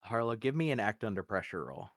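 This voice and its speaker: A man narrating as game master, relaxed, with frequent fillers and easy laughs. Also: fairly low pitch, quick pace, dry recording, clean studio sound.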